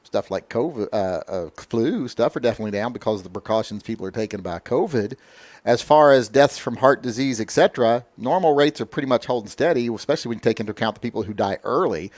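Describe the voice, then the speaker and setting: A man's voice: on the low side, darkish tone, dry recording. Blunt opinionated man, dry sound. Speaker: livestream host. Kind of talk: casual livestream chat, reading viewer comments.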